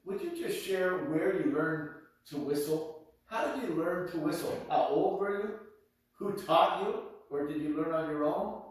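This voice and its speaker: A man's voice: a little high, lively intonation, a little slow. Upbeat male gym teacher in echoey gym. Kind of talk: addressing students in a video. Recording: echoey gym, distant mic.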